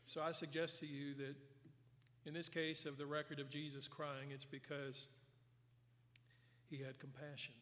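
A man preaching a sermon, earnestly retelling scripture and dropping his voice soft for emphasis. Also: fairly high pitch, flat delivery, normal speed, long pauses. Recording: long hall reverb.

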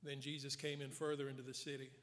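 A man's voice: mid-range voice, flat delivery, quick pace. Earnest man preaching in a reverberant hall. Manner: earnest, retells scripture with voiced quotes, drops soft for emphasis. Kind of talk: sermon.

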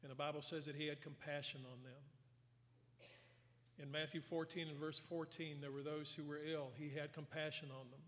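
Keeping a level tone and moderate pace, an earnest man with a slightly high voice preaches in a reverberant church sanctuary with a long hall echo. He voices quotes as he retells scripture and lowers his voice for emphasis.

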